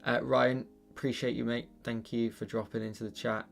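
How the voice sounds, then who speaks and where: A man chatting casually on a livestream while he paints, rambling and thinking out loud with many fillers. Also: mid-range voice, little pitch movement, normal speed, creaky, faint music behind.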